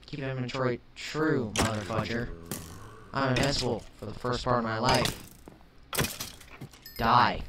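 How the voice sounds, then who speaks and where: A young man giving let's play commentary, chatting calmly and then flaring into shouted rage at the game, often swapping swears for milder words. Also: medium pitch, moderate pace. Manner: swaps swears for mild substitutes. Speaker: gaming commentator. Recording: distant mic with faint hiss.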